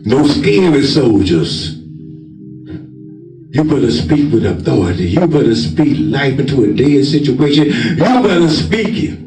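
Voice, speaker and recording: A man preaching a sermon in a loud, forceful, commanding manner. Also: a little high. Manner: emphatic, loud, commanding, says he talks with force. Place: church. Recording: echoey church with organ music behind.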